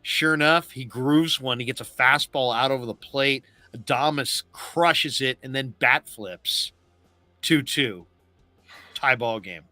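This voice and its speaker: A man's voice: mid-range voice, takes it slowly, no echo, soft background music. A middle-aged man hosting a casual postgame baseball recap, telling the game like a story and acting out quotes. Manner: animated storyteller, acts out quotes. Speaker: sports talk host.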